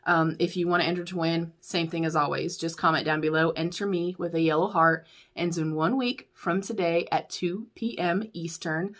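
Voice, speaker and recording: A woman's voice: fairly low pitch, steady tone, moderate pace, a bit bright. A young woman chatting candidly through a makeup declutter, calling her viewers y'all and laughing often. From United States. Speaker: beauty YouTuber. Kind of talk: casual chatty product review.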